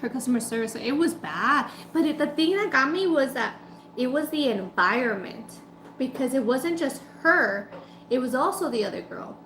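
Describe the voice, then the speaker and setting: A woman's voice: sits high, moderate pace, reverberant, slight background noise, poor audio. A woman food vlogger chatting casually and telling a story while she eats. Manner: chatty, animated retelling with quoted voices.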